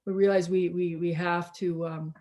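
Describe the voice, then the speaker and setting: A woman minister preaching slowly and reflectively over a video call, pausing and restarting often, tired as she speaks. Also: on the low side, level tone, warm tone. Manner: slow, reflective, with many restarts and pauses.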